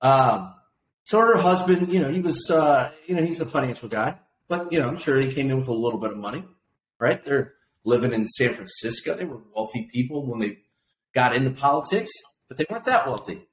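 This podcast co-host speaks a little fast in an animated, mid-range voice. Chatting casually about politics, he laughs and imitates people, and the echoey room carries a faint noise.

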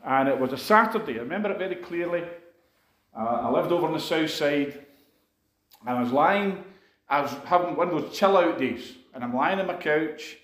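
A man preaching a sermon, his voice sitting a little high for a man as he recounts a personal story. His delivery is earnest and conversational, full of asides to the congregation. The sound rings around an echoey room. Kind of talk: sermon testimony.

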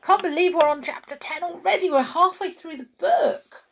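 A woman reading a children's book aloud chapter by chapter, expressive, with chatty asides to her listeners. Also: very high-pitched, normal speed, creaky. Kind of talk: storybook read-aloud.

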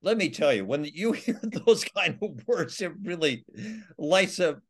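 In a storytelling interview, a male author appearing as a guest recounts his survival stories in an animated, unhurried voice that sits on the high side. His telling rambles, with many restarts.

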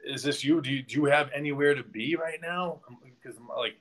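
A man's voice: medium pitch, brisk, fairly bright tone. Rambling man telling a story. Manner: rambling, frequent restarts and "like". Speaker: podcast guest. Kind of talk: casual conversational storytelling.

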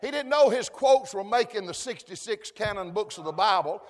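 A man preaching a folksy sermon, calling for amens and building to shouts. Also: sits high, lively intonation, normal speed. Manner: folksy, call-and-response, rising to shouts. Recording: long hall reverb.

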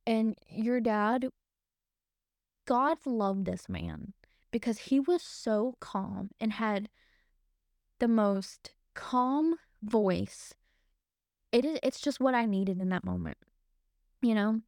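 A woman's voice: a little high, big pitch swings, slow pace, long pauses, a little mellow, no room sound, clean studio sound. A young woman co-hosting a podcast, casually and emotionally retelling a frightening night. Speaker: podcast co-host. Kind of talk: casual storytelling.

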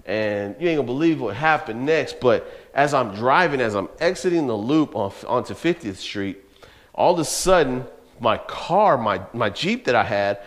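A young youth pastor preaches to teenagers, sharing a personal story with casual slang and laughter. His mid-range voice moves at normal speed with lively intonation.

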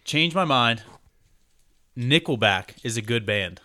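A man's voice: medium pitch, lively intonation, slow, sharp tone. A man co-hosting a casual podcast, earnestly arguing his point. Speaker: podcast co-host. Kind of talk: casual chat.

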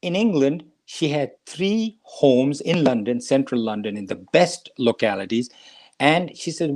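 This older podcast host, a doctor in his seventies, recounts an anecdote in an unhurried way, breaking off at times for rhetorical questions he answers himself. He sounds expressive, with an ordinary pitch and a darkish tone.

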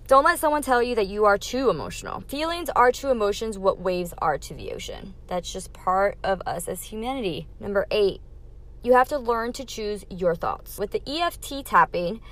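A woman's voice: medium pitch, a bit bright. A young adult woman hosting her own podcast, talking candidly through a numbered list of life lessons in a casual, emphatic way. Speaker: podcast host.

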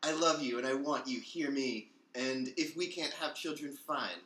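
Man reading a soothing young husband from a fan story. Earnest, bright tone, roomy. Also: medium pitch, moderate pace, far from the mic, natural voice. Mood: tender. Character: loving, reassuring young husband Jim.

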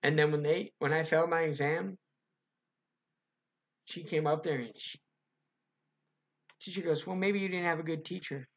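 A man's voice: on the high side, moderate pace, long pauses, muffled recording. A young man co-hosting a podcast, telling profane stories in casual chat and acting out the quotes. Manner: profane, animated storytelling with acted-out quotes. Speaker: podcast co-host.

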